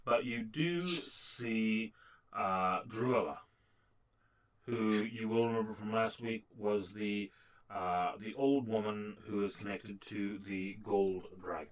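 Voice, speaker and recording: A man running a tabletop game as dungeon master, narrating haltingly with many fillers and restarts. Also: lowish voice, fairly even intonation, rough recording.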